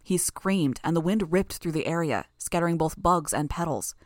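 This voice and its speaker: Woman reading an audiobook, steady and even, lowish voice, dry close sound. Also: normal speed, no room sound. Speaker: narrator. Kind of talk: audiobook narration.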